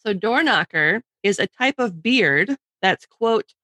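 A woman's voice: medium pitch, animated, slow pace, fairly bright tone, dry recording. A woman co-hosting a podcast in casual chat, dry and matter-of-fact, reading out definitions. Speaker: podcast co-host.

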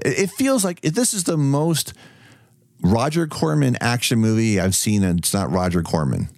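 Animated, profane man reviewing movies. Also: medium pitch, normal speed, dry recording, clean studio sound. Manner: animated, profane, laughs often. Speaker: podcast co-host. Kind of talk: casual movie review chat.

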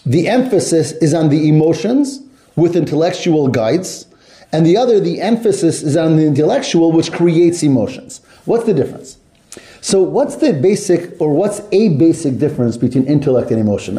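A man's voice: on the high side, mellow. A man teaching a text study class to students, explaining step by step and putting questions to the class. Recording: echoey room.

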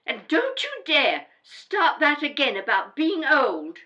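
A woman playing a high, bright-voiced daughter. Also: very animated, takes it slowly, exaggerated voice, rough recording. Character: grown daughter, housewife, proud and defensive. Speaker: adult daughter. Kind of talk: audio drama dialogue.

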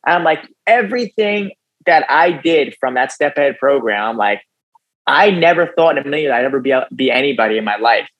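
A young man, a guest on a podcast, telling his personal story in a casual, animated way, often tossing in "dude" and "right?". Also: medium pitch, fairly quick, lo-fi sound. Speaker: podcast guest, youth motivational speaker.

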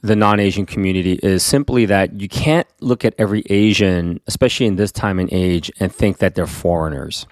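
Middle-aged man, lowish voice, dry close recording, reflective and encouraging co-host. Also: brisk, few pauses, no room sound. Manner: affirming listener, reflective and encouraging. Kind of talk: casual conversation.

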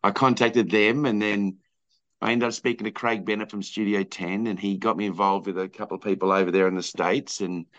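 A man's voice: on the low side, fairly even intonation, brisk, a bit bright, lo-fi sound. A filmmaker being interviewed, telling his story casually with lots of fillers and restarts and acting out what people said. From Australia. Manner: rambling, many fillers and restarts, acts out quoted people. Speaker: filmmaker guest.

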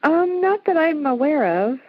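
A woman in her forties calls in from Iowa and answers the host in a friendly, short way. Her voice sits a bit high, and the line sounds dry, dull and lo-fi. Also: very animated, a little slow, no echo. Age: 40s. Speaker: caller. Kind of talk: phone-in conversation.

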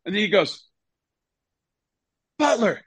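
A former goalkeeper tells stories casually in an interview, speaking at medium pitch and a moderate pace. He's an animated storyteller who acts out his coaches in a raised voice. The recording is dry but low in quality.

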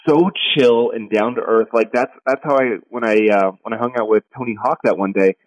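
A man with a mid-range voice chats quickly and supportively. His tone is easy-going and conversational, and the sound is dry and close. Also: mid-range voice, no echo, highs cut off. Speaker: podcast co-host. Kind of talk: casual chat.

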